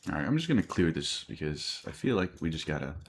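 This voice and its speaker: A man's voice: rumbling low, sing-song, quick pace, slight background noise. A tired man chewing gum as he talks, muttering and thinking aloud while he trades live on a stream. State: tired, yawning. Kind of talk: casual live-stream commentary.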